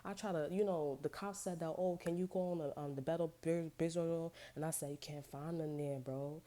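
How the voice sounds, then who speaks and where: Woman, very low voice, mellow dark tone, profane slangy storytime rant. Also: steady tone, fairly quick. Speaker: vlogger.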